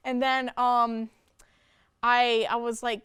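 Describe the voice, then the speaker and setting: A woman's voice: a little high, slow pace, fairly bright tone, clear, resonant tone, no room sound. A young woman who plays guitar and sings death metal, chatting casually in an interview and rambling with lots of "like" and "you know". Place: campus radio studio.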